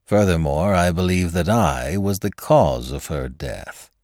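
A man's voice: a little slow, no room sound, studio quality. A man voicing a cold, menacing young officer. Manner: low, calm and menacing.

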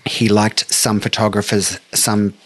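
A middle-aged man from Australia, a make-up artist telling stories in an interview with lively, emotional delivery. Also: on the low side, measured pace. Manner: animated, emotional storyteller who acts out quotes. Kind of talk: storytelling interview chat.

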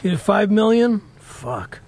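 A man co-hosting a comedy podcast, gruff and indignant in bickering banter. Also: sits high, big pitch swings, a little slow, crowd noise.

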